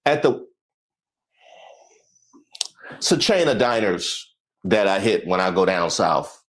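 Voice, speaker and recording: A man's voice: sits low, slow. A man hosting a comedic news commentary show, casual and slangy, riffing and joking. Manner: animated, joking, breaks into song and laughter.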